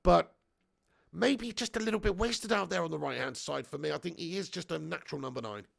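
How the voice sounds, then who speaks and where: A man's voice: on the high side, fairly quick, vocal fry. A man in his thirties hosting a live football watch-along, chatting casually, swearing, laughing and reading out viewer comments between bits of match commentary. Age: 30s.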